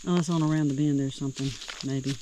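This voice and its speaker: A hiker talks to a handheld camera in the woods, in a relaxed, rambling way, musing aloud about what comes up along the trail. The voice sits at a middling pitch. Faint insect noise hums behind it. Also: fast. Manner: rambling, chatty, thinking aloud. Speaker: hiker vlogger. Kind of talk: casual trail vlog narration. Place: outdoors in the woods by a creek.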